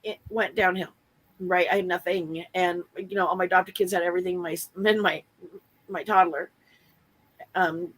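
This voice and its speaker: A woman's voice: on the low side, steady tone, normal speed, poor audio. A woman guest in a casual conversation, a former client who talks bluntly and candidly, laughing often and swearing mildly.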